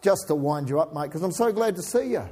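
A man preaching a sermon in a church, his voice sitting high for a man. He chats and jokes with the congregation as he reads scripture. The sound carries a long reverb from a large hall. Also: animated, fast, dark tone, breathy edge. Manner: chatty, jokes with the congregation between readings. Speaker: pastor.

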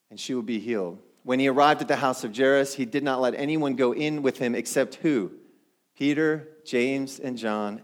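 A middle-aged male pastor with a medium-pitched voice delivers a sermon in a conversational style. He frequently poses questions to his congregation.

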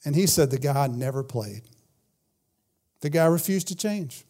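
Conversational male pastor, mellow tone. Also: fairly high pitch, expressive, unhurried, pauses often. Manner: conversational, repeats words, says "man" often. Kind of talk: sermon.

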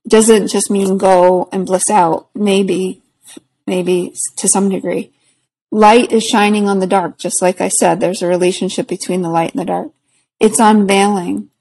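Woman, podcast guest, reflective and earnest, slow and breathy. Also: mid-range voice, steady tone, low-quality recording. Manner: reflective, earnest, laughs softly between thoughts. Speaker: podcast guest, spiritual practitioner. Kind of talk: casual conversation.

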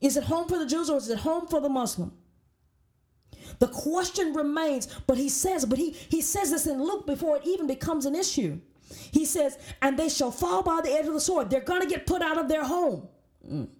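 High-voiced woman teaching Bible study. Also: normal speed, darkish tone. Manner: emphatic, repeats words, reads scripture aloud.

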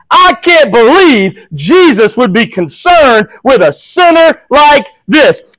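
A man preaching as a pastor, passionate, swinging between loud emphasis and hushed, quiet quoting. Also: very high-pitched, no room sound, low-quality recording. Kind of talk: sermon.

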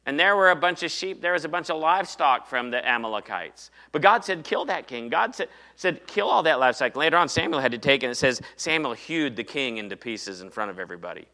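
A man delivers a sermon in an animated storytelling manner, playing out the biblical dialogue himself. His voice sits at a middling pitch with a bright, forceful tone. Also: quick pace, hardly any pauses. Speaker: preacher.

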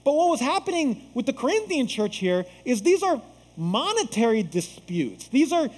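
Animated male pastor preaching in a hall. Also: very high-pitched, moderate pace. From United States. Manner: animated, acts out quoted voices. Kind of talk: sermon.

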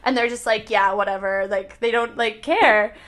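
A young woman in casual chat, talking in an animated, rambling way with lots of "like". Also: on the high side, normal speed. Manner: animated, rambling storytelling with frequent "like".

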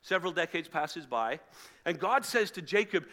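A man preaching to a live congregation, retelling a story in a casual, animated way and acting out the voices of its characters. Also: fairly high pitch, normal speed. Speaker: pastor. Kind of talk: sermon storytelling. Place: church hall with live audience, also streamed online.

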